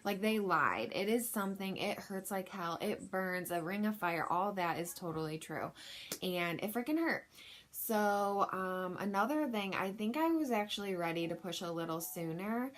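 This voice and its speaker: A woman's voice: medium pitch, expressive, moderate pace, a little hiss or hum. Young woman, casual vlog storyteller, candid and chatty, full of "like"s and "um"s. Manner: chatty and frank, filler-heavy with lots of "like". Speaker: vlogger.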